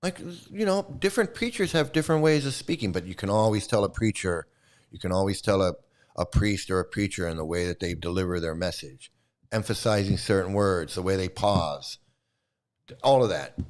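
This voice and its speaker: A man's voice: low-pitched, lively intonation, fairly quick. A man hosting a commentary channel, giving an angry, profane and mocking rant. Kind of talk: ranting commentary.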